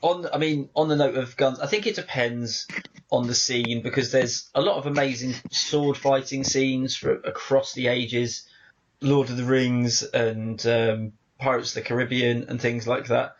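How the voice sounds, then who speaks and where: A man co-hosting a casual podcast chat, talking with excited enthusiasm. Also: mid-range voice, unhurried, highs cut off. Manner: excitable, enthusiastic film fan. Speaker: podcast co-host.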